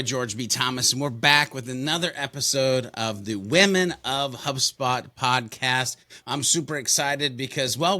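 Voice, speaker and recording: A man's voice: mid-range voice, pushed and bright, no echo. An American man hosting a podcast, talking in an upbeat, enthusiastic, folksy way. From United States. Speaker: podcast host. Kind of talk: casual podcast chat.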